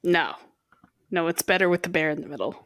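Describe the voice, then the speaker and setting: A woman's voice: on the low side, animated, a little fast, fairly bright tone, no room sound, studio quality. A young adult woman co-hosting a podcast in casual chat, teasing and arguing with her partner between giggles. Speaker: podcast co-host.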